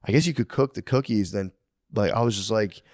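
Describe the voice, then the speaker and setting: A man's voice: lowish voice, a little fast, a little mellow, no room sound, clean studio sound. A man co-hosting a podcast, telling loose rambling stories with lots of laughs in casual chat. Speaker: podcast co-host.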